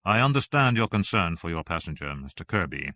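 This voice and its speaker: A polite, disarming gentleman with a slight Italian accent, as a male audiobook narrator puts him on. The voice stays low and smooth-mannered, courteous to the point of charm. It is read close and dry, as in an audiobook. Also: sing-song, fairly quick, dry recording, exaggerated voice. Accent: slight Italian, as played.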